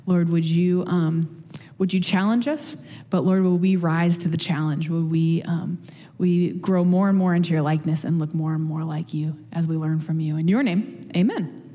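Mellow-voiced woman preaching in a hall. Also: fairly low pitch, steady tone, moderate pace. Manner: chatty, many fillers and restarts, light laughs. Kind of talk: casual sermon.

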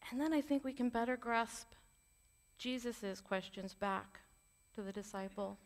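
A woman preaching with earnest, conversational warmth, dropping candid personal asides between points. Her voice sits a little high, and a long reverb trails each phrase as if she is in a large church hall. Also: unhurried. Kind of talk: sermon.

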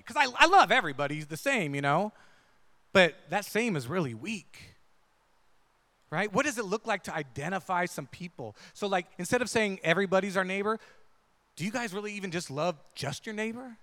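A man's voice: high-pitched, animated, brisk, sharp tone, big-room sound. A man preaching a conversational sermon, often checking in with the congregation. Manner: conversational, asks the crowd "right?" often. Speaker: pastor.

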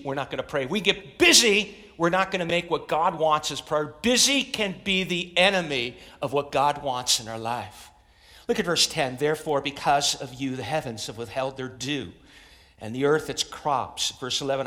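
A man's voice: on the high side, fairly bright tone. A middle-aged man preaching a sermon as pastor, emphatic, repeating phrases and rallying his congregation. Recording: long reverb of a large hall.

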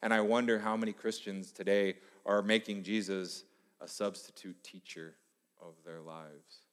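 A man's voice: fairly low pitch, steady tone, moderate pace, a bit bright. A man preaching a sermon in a church hall, telling stories with animation and acting out the people he quotes. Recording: long hall reverb.

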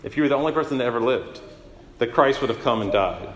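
A middle-aged man delivers a sermon as a pastor, talking in a relaxed, self-deprecating way and often restarting his sentences. His voice sits at an ordinary male pitch. It rings through a large sanctuary, with a long tail of reverb and a faint background hum. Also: fast talker. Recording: roomy hall with long reverb.

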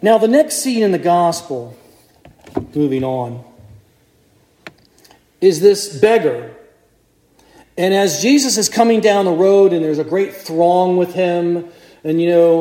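A man's voice: high-pitched, measured pace, pauses often. Man preaching in an echoey church. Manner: animated storytelling, acts out crowd voices. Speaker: priest. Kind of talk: sermon.

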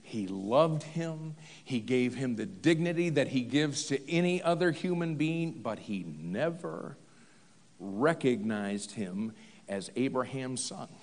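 A man's voice: mid-range voice, animated, takes it slowly, darkish tone, in a large hall. A man preaching a sermon, retelling a story with humor in a conversational way. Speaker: pastor.

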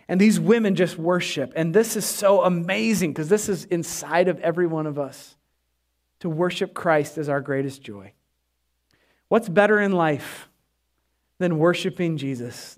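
A man preaching a sermon as pastor, passionate and emphatic, his voice swelling and dropping. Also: a little high.

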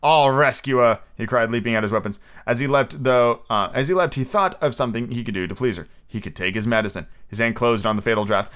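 A man hosts a podcast, reading a novel aloud and breaking off for casual asides. His voice is smooth and clear at a middle pitch, and he fixes his own slips as he goes. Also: fast, few pauses, a bit bright. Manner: casual, with fillers and self-corrections while reading. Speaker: podcast host.

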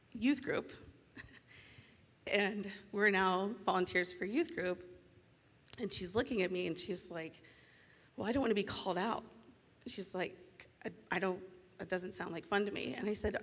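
A woman's voice: medium pitch, slightly rough. A woman sharing a personal testimony in church, emotional and tearful as she tells her story. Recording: long hall reverb.

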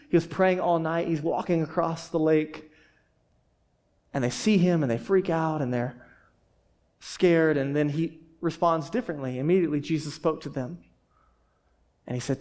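A pastor delivers his sermon in a relaxed, chatty way, sounding more like a conversation than a lecture. His voice sits high for a man, and he keeps asking his listeners questions. He often repeats a word or two as he restarts a thought.

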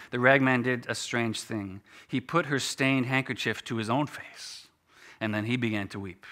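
A man with a mid-range voice tells a story dramatically and expressively, dropping to a hush during the quiet moments.

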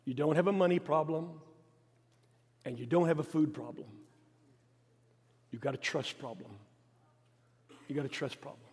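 A preacher voicing Jesus as a calm, gentle grown man who speaks in measured, repeated phrases. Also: high-pitched, long reverb tail, lightly acted.

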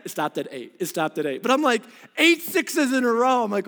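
A man in his thirties delivers a sermon in a big hall, his voice sitting on the high side. He preaches with lively, animated storytelling, his pitch shooting up when he gets worked up. A long reverb trails his words through the room. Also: quick pace, hardly any pauses. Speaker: pastor.

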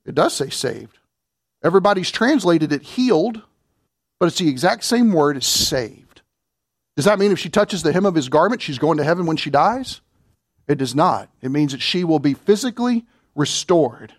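A man preaching a sermon, reading scripture and asking the congregation questions, swinging between loud and low. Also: lively intonation, normal speed, no echo, studio quality.

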